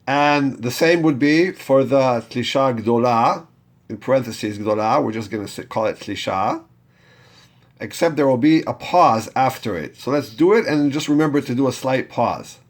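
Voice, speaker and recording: This man, a Torah reading teacher, patiently explains a chanting lesson step by step while learners repeat after him. His voice is mid-range, with lively intonation and a moderate pace.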